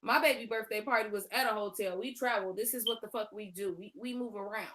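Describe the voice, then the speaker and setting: A woman's voice: medium pitch, fast talker, fairly bright tone. A woman co-hosting a live stream, delivering heated, profane commentary with cutting, boastful comebacks.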